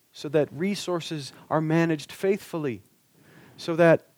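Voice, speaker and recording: Earnest preacher with a raised pitch. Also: male voice, a little mellow, no echo. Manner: earnest, asks rhetorical questions. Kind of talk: sermon.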